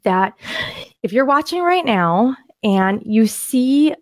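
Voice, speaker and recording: A woman co-hosting a podcast, excitedly walking through property deals on screen in a casual, rambling way with frequent restarts. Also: on the high side, takes it slowly, no echo. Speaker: podcast co-host and land investor. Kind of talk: casual screen-share deal walkthrough.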